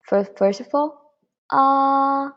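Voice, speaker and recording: A woman teaching a beginner Mandarin lesson, patiently and clearly demonstrating tones. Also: medium pitch, slow pace, lo-fi sound.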